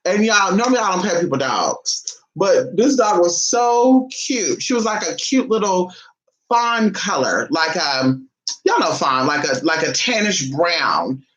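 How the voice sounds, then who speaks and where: A man talking casually and gossipily to his viewers, calling them y'all and honey, swinging from soft asides to loud exclamations. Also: sits high, low-quality recording. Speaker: vlogger.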